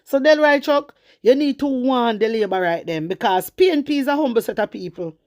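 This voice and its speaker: A woman's voice: a little high, animated, fairly quick, darkish tone. A woman with a Jamaican accent giving fiery political commentary, slipping between Patois and English and throwing in repeated rhetorical questions. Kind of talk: opinionated commentary vlog.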